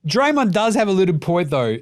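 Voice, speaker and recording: Brash, swearing Australian man, higher voice. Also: fairly quick. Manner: profane, animated ranting with sarcastic jokes. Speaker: basketball podcast host. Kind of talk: casual commentary.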